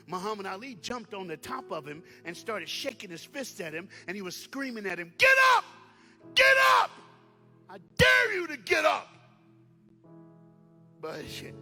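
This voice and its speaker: Man, high voice, bright and forceful, dramatic storytelling speaker, soft music behind. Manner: dramatic, shifts from loud shouts to hushed murmurs; call-and-response with audience. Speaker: youth speaker. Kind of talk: motivational storytelling talk.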